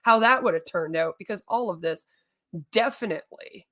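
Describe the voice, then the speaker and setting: A woman's voice: mid-range voice, moderate pace, a bit bright. A woman streamer ranting in a long, rambling monologue, exasperated and swearing often.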